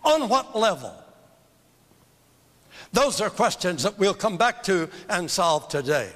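Older male preacher for a teaching sermon: high, lively voice, slow and fervent, with a long hall echo. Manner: emphatic, fervent, repeats phrases for emphasis. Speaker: evangelist teaching a seminar. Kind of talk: sermon-style seminar teaching. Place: church hall. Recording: long reverb of a large hall.

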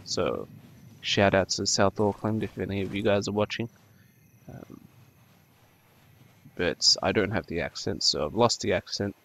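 A man's voice: low-pitched, expressive, unhurried, vocal fry, long pauses, fairly bright tone. A man of twenty-two from New Zealand with an Australian accent, rambling hesitantly about himself with many ums and restarts while he plays a game. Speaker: gaming YouTuber. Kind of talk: rambling talk over gameplay.

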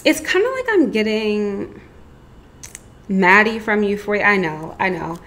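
A woman's voice: medium pitch, big pitch swings, a little slow, a bit bright. A woman giving a casual, chatty tarot reading, rambling with lots of asides. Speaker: tarot reader.

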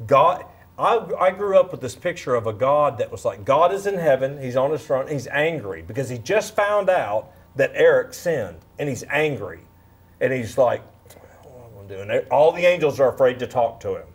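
Animated husky man in his fifties. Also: medium pitch, normal speed. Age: 50s. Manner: animated, storytelling, acts out quotes. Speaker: guest speaker. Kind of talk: faith testimony in a talk show.

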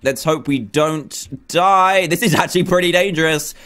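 A young man giving excitable, dramatic running commentary as he plays a video game. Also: on the high side, moderate pace. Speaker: gaming YouTuber. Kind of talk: Let's Play commentary.

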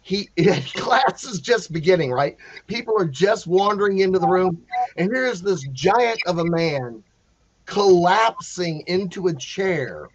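A man telling a story in a casual, animated way, acting out the quotes with many restarts. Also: sits high, measured pace, dry recording, highs cut off. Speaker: panel guest telling a story.

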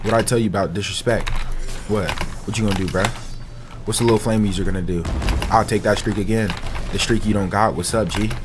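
A man's voice: fairly low pitch, fairly even intonation, a little fast, background noise. A young man trash-talking and taunting opponents in casual commentary over online gameplay. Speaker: gaming streamer.

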